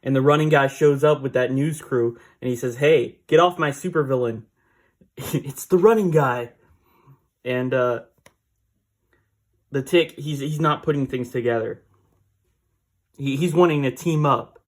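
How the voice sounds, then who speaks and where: A man's voice: medium pitch, a little slow, long pauses. A man casually recapping a comic book issue, rambling with fillers and small laughs.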